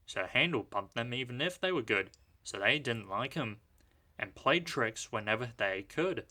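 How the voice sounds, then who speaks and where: A man reading a children's storybook aloud, narrating in a lively, expressive way. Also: medium pitch, moderate pace.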